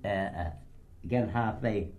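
An older man voicing a scheming publican who plays pranks over the phone, in a brisk, commanding manner. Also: lowish voice, a little mellow, voice pushed down, natural voice.

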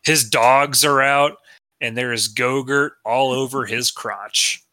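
A man co-hosting a comedy podcast with a piercingly bright, sharp voice. He talks crude and teasing, in a joking chat. The sound is dry and close. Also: medium pitch, fairly even intonation, takes it slowly, no room sound. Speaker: podcast co-host.

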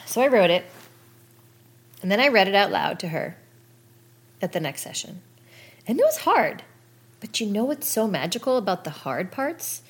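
Woman, podcast host, candid monologue, conversational, talks straight to listeners, mid-pitched voice. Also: big pitch swings, moderate pace, pauses often, breathy edge. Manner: frank and conversational, addressing listeners directly.

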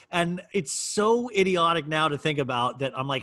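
A man's voice: a little high, lively intonation, a little slow, hardly any pauses, sharp tone, no room sound. A man co-hosting a podcast, telling rambling stories full of fillers in casual chat. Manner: rambling, filler-heavy storytelling. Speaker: podcast co-host. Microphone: studio microphone.

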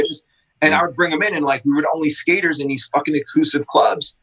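A middle-aged man, a skate shop owner, telling animated casual stories with lots of swearing and loud acted-out quotes. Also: on the high side, fast, slightly rough, rough recording. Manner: excitable, swearing, acts out quotes loudly. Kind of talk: casual storytelling.

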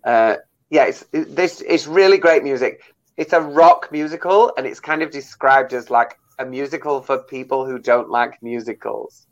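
Enthusiastic actor guest, chatty with fillers, lo-fi sound. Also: male voice, mid-range voice, moderate pace. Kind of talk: casual radio interview chat.

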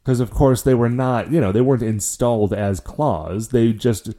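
A man's voice: medium pitch, moderate pace, warm tone. A man co-hosting a podcast, chatting with dry, playful banter. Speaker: podcast co-host. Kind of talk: casual chat.

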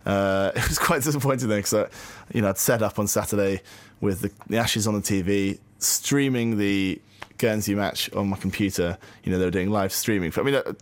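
A man's voice: lowish voice, brisk, few pauses, dry recording. A man co-hosting a podcast in casual chat, rambling and wry with frequent restarts. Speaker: podcast co-host.

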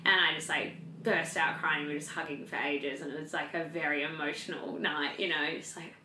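A young woman with a deep, steady voice co-hosts a podcast, briskly telling a story in a chatty way loaded with fillers and free swearing. Her delivery is pushed and bright, and the recording has a roomy echo.

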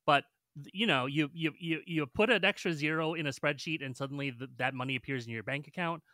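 Male podcast co-host, bright tense voice, dry close sound, hesitant. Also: on the high side, fast talker, no room sound. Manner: hesitant, many ums, poses questions. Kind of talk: casual film discussion.

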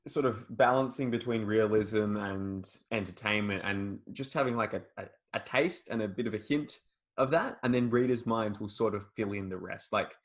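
A man's voice: on the low side, normal speed. Chatty man, casual podcast co-host. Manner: chatty, laughs often, many fillers. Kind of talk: casual chat about writing.

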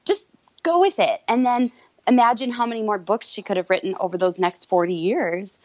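A woman guest telling her story in a candid, quick-talking way. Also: medium pitch, darkish tone, slight background noise. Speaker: guest entrepreneur. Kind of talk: casual interview chat. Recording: dull lo-fi recording.

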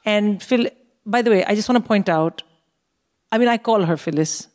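A middle-aged woman co-hosting a live comedy show, telling a story in a wry, animated way and acting out the dialogue on stage. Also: mid-range voice, normal speed. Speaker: comedian co-host. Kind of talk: stand-up storytelling.

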